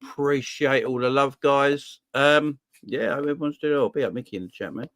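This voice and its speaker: A young man hosting a football fan livestream, casually and cheerfully shouting out viewers in the chat. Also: medium pitch, fairly quick, no echo, clean studio sound. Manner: upbeat, shouting out viewers by name. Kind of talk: casual live-stream chat.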